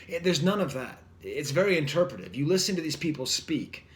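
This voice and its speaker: A man with a fairly high voice talks through an album review in a loose, rambling way. He fills his speech with fillers and restarts and keeps a wry edge. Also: very animated, brisk, a bit bright. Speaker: record reviewer. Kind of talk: casual music review.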